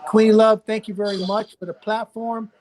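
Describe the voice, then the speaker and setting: Older Southern man with a Louisiana accent, folksy preachy doctor, high for a man. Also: little pitch movement, normal speed, a little mellow. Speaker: physician guest. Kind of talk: live-stream discussion.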